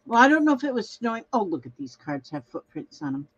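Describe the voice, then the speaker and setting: A woman's voice: fairly high pitch, sing-song, fast, breathy edge, no room sound, highs cut off. An older woman from Minnesota chatting casually as a craft livestream host, reading viewer comments aloud and trailing off mid-sentence.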